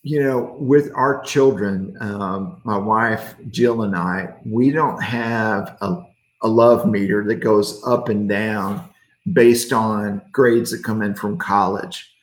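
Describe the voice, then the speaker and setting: Folksy middle-aged pastor, echoey room. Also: male voice, fairly low pitch, fairly even intonation, slow pace. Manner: folksy, joking, reading viewer comments. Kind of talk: casual midweek devotional teaching.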